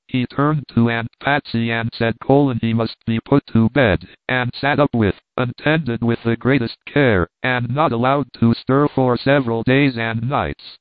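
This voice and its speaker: A man narrating a novel aloud in a steady storytelling voice. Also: medium pitch, unhurried, hardly any pauses, no echo. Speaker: audiobook narrator. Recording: tinny phone-like line, dry.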